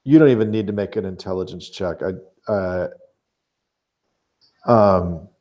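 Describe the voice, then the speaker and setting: Male game master, low-pitched, warm dark tone, measured narration with fillers.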